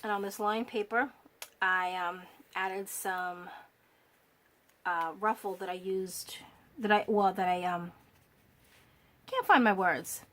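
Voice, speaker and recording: A woman's voice: mid-range voice, takes it slowly, pauses often, fairly bright tone. Woman crafter, admiring and chatty, a little worn, camera on a stand, faint room noise. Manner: gushing, admiring, with fillers and restarts. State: slightly losing her voice. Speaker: crafter showing a handmade journal. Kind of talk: casual show-and-tell walkthrough.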